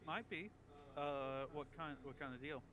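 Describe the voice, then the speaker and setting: A man's voice: on the high side, unhurried, noisy background. A man playing in a tabletop game, answering in character with hesitant, stammering speech. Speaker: player.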